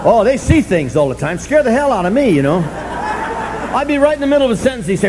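An older man telling a humorous story at a recovery meeting, animated and self-mocking, swinging from loud bursts to low asides. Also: fast, a crowd in the background, background noise. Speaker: speaker sharing his story at a recovery meeting.

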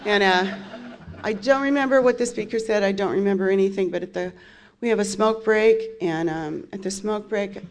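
A woman's voice: mid-range voice, normal speed, a little mellow, a little hiss or hum. A woman in her fifties sharing her recovery story as a candid personal testimony, with wry laughs along the way. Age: 50s.

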